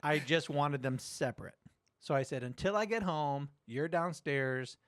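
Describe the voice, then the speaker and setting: A middle-aged man hosting a podcast, telling a story in casual chat, animated, swearing and acting out quotes. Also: on the high side, unhurried, no room sound, studio quality. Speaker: podcast host.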